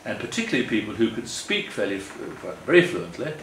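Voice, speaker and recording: An older man with a fairly low voice speaks earnestly to an audience. He rambles and corrects himself as he goes, and his voice carries an echo in the room with faint ambient noise behind it. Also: big pitch swings, a little fast, fairly bright tone, recorded from a distance. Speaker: guest speaker. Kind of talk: public talk with slides. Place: meeting hall.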